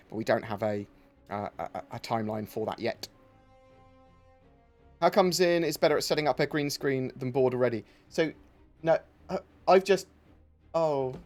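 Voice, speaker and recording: A man's voice: medium pitch, darkish tone. A man hosting a casual livestream chat, talking in rambling, self-interrupting bursts. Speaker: livestream host.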